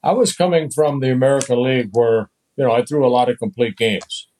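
Older male guest from the Netherlands; relaxed, chatty anecdotes with easy chuckles. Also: mid-range voice, brisk, rough recording. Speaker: guest, retired pitcher. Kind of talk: storytelling in a podcast interview.

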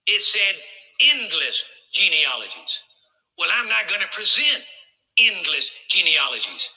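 A man's voice: high voice, lively intonation, normal speed, sharp tone, low-quality recording. A male pastor preaching a sermon, emphatic and folksy, repeating phrases for emphasis.

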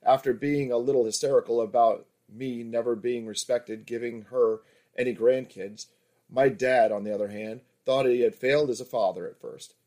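A man's voice: medium pitch, steady tone, moderate pace, warm tone, close to an everyday voice. Man voicing a frank, confident female escort. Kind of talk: erotic story reading.

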